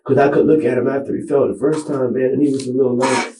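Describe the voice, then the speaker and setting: A man rambles in halting bursts, dropping street slang and trailing off, with a darker, mellow tone. His voice bounces around a small, echoey room captured by a camera mic. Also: medium pitch, little pitch movement. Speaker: interview subject. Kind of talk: police interrogation recording.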